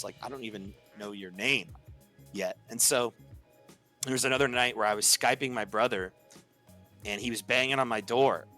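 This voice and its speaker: Young guy, casual podcast storyteller, crisp forward voice with soft music behind; leans on "like" and acts out quotes. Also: medium pitch, a little fast. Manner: chatty, heavy use of "like", acts out quoted lines.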